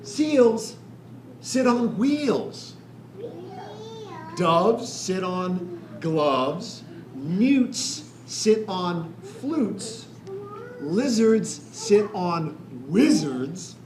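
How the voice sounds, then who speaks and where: A man voicing a know-it-all storybook cat, reciting rhymes slowly for children. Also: high voice, animated, a little mellow, exaggerated voice. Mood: sing-song. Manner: slow, rhythmic rhyming recitation. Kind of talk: reading a picture book aloud to children. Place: library room. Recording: echoey room with children.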